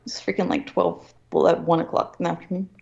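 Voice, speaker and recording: A woman's voice: lowish voice, quick pace, gravelly. A woman telling a family story in a heated, profane way, acting out the other people's words as she goes. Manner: heated, profane, animated retelling with acted quotes. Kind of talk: casual storytelling. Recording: slightly dull lo-fi audio.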